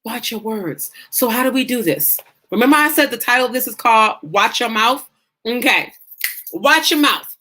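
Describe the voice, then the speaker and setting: A woman life coach leads a live-streamed lesson in an emphatic, folksy, preacher-like way. Her voice sits a little high and comes across bright and forceful. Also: lively intonation, normal speed. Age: adult mother.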